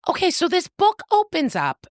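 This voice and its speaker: A woman's voice: very high voice, wildly swooping pitch, normal speed, no room sound, clean studio sound. A woman co-hosting a book podcast, casually retelling a novel's plot in a playful, swearing, storytelling way.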